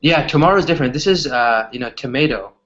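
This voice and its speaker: A man tutoring English in a relaxed, chatty conversation, explaining with lots of examples. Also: mid-range voice, fast talker, highs cut off. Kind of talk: casual conversation lesson.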